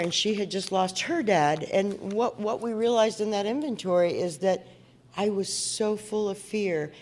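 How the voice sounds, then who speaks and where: A woman from Indiana, with a mid-range, darkish voice, addresses an audience in a meeting hall at a recovery meeting. She recounts her story in an earnest, conversational manner and asks the audience questions.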